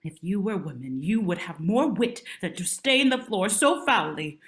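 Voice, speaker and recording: A woman's voice: medium pitch, lively intonation, moderate pace, close to an everyday voice. A woman playing a proud, sleepwalking Tudor queen in an amateur online stage play, speaking in a commanding, scornful way. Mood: raving. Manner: commanding, scornful, archaic theatrical speech. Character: imperious sleepwalking Queen Elizabeth I, haughty and sharp-tongued.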